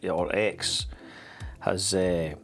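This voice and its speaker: Male host, low-pitched, sardonic, rambles and restarts, over faint music. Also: little pitch movement, extremely slow. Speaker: podcast host. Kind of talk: casual commentary.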